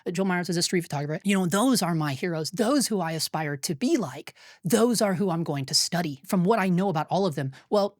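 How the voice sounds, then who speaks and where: A man's voice: high voice, expressive, quick pace, dry recording, clean studio sound. Blunt, profane male filmmaker commentator. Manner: blunt and profane, rambling with restarts. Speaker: filmmaker and YouTuber. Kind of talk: candid opinion commentary.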